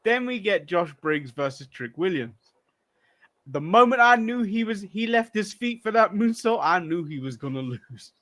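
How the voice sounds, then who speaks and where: A man's voice: high voice, expressive, moderate pace, a bit bright. A man co-hosting a casual wrestling recap podcast, making dry jokes and chuckling between lines. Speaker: podcast co-host.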